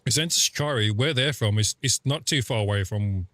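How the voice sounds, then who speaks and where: A man's voice: on the low side, fairly quick, a bit bright, no echo. A man chatting casually on a game stream, telling rambling, sweary stories full of fillers. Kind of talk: casual live-stream chat.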